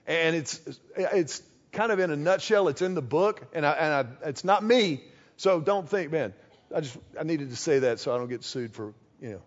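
A man preaching a sermon, lively and conversational, acting out short quoted exchanges as he goes. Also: fairly high pitch, normal speed, dull audio. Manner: animated, acts out little quoted exchanges. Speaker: pastor.

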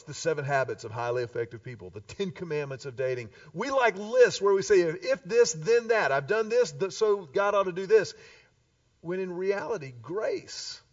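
A man preaching a sermon, an animated storyteller who acts out the voices of the people in his stories. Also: high-pitched, no room sound. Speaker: pastor. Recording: distant dull live recording.

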